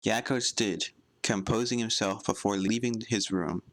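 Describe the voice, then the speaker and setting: A man reading fan fiction aloud in a plain, unhurried way, close to the mic. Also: fairly low pitch, steady tone, no room sound. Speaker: fanfic reader.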